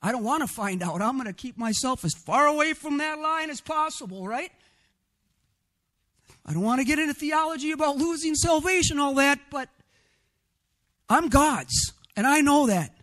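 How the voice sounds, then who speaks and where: A man preaching a sermon in an expressive way, sometimes getting loud and often adding a questioning "right?" to his points. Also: extremely high pitch, moderate pace. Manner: rhetorical "right?" asides.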